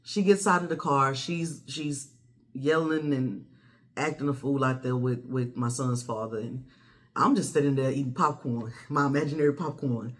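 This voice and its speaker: A woman, telling a personal story to the camera in a blunt, animated way with plenty of swearing. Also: rumbling low, normal speed. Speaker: vlogger. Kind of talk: casual storytelling.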